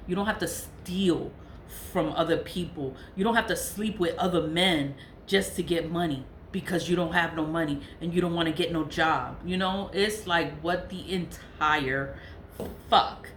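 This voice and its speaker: A woman's voice: lowish voice, a little slow, fairly bright tone, slight background noise. A woman vlogger venting in a profane, repetitive monologue to camera. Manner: venting, profane, repeats herself. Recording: echoey room with faint ambience.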